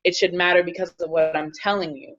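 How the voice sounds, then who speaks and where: Panelist: woman, slightly low pitch, earnest, measured delivery, muffled recording. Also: fairly even intonation. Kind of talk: casual panel discussion.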